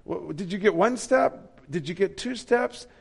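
A man voicing an eager grandchild who fires excited questions at an old fisherman. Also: sits high, vocal fry, husky, voice pushed up, heavily acted. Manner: excited, rapid-fire questions.

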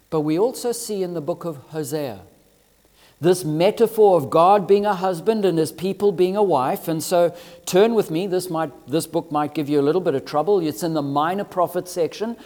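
A man delivers a sermon in a high voice, slow and deliberate, leaning hard on key words and letting phrases stretch out. His voice rings with a long reverb, as if recorded in a church sanctuary. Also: warm tone. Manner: emphatic, drawn-out phrasing with rising and falling emphasis. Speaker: preacher.

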